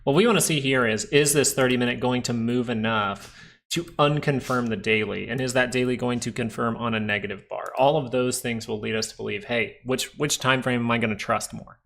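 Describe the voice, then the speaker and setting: A man's voice: mid-range voice, brisk, gravelly, a bit bright. A man hosting a live stock market stream, chatting casually and joking with viewers between comments on the charts.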